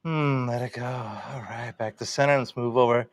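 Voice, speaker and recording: A man leading a vinyasa yoga class, calmly cueing breath and poses with relaxed encouragement. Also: mid-range voice, moderate pace, a little hiss or hum. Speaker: yoga instructor.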